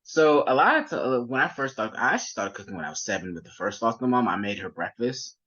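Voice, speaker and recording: A man's voice: medium pitch, lively intonation, fast, sharp tone, breathy edge, highs cut off. A young man as an interview guest, telling his story casually with many fillers and restarts. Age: young adult.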